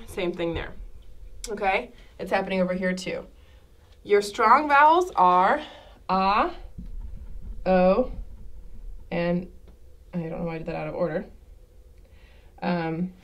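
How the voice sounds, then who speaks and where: Woman teacher, fairly low voice, chatty lecture, keeps asking "okay?". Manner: checks in with frequent "okay?" asides; self-correcting, chatty explanations. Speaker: Spanish teacher. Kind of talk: classroom lecture at a whiteboard.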